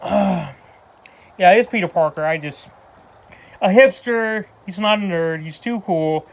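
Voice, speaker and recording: A man with a fairly high voice talks through a casual movie review. He rambles, trips over his words and restarts his sentences often, drifting into loose asides as he goes. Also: slow pace, gravelly. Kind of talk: casual spoken film review.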